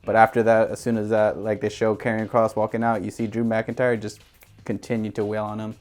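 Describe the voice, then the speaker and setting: A man's voice: lowish voice, monotone, fairly quick, darkish tone, faint music behind. A man co-hosting a casual recap chat, rambling and hesitant with lots of fillers. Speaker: podcast co-host.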